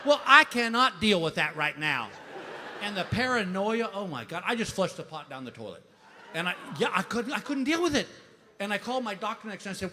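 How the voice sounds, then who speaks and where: A man's voice: high voice, expressive, fast talker, bright, forceful tone, a little hiss or hum. A man, telling a frantic, self-mocking stand-up story on stage. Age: 50s. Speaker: stand-up comedian. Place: theater stage. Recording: live stage mic in a reverberant hall.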